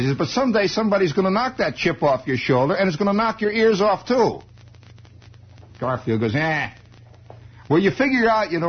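A man's voice: medium pitch, slightly rough. A man giving a wry, digressive comic monologue in a conversational radio style. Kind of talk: rambling comic storytelling monologue. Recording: dull lo-fi old radio recording.

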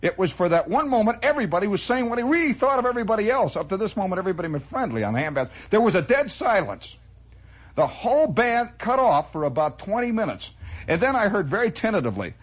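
A man's voice: high voice, big pitch swings, quick pace, breathy edge. A man telling a rambling story as a spoken monologue, with chuckling asides.

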